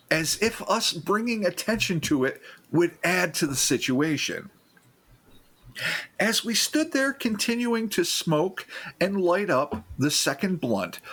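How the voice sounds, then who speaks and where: A man hosting a casual podcast, reading listener stories aloud with animated, joking outbursts. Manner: animated, swearing, laughs and jumps into loud high outbursts.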